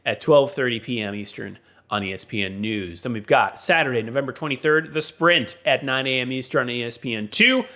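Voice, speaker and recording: A man co-hosts a relaxed motorsport podcast, reading out standings, rankings and broadcast times. He has a mid-pitched voice and an upbeat, brisk way of running through listings. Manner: reads schedules and listings in a quick, upbeat way. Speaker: podcast co-host. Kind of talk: casual podcast chat.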